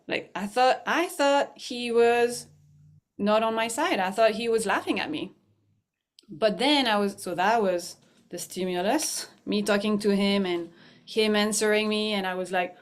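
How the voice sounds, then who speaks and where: A woman's voice: mid-range voice, normal speed. A middle-aged woman, a mindfulness teacher and guest on a show, telling a personal story in a chatty way, laughing often and restarting her sentences. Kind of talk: conversational storytelling.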